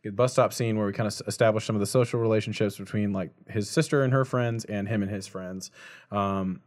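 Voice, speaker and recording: A man co-hosting a casual movie-review podcast, sarcastic and quick to laugh. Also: fairly low pitch, fairly even intonation, darkish tone. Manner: sarcastic, jokey, laughs often. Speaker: podcast co-host.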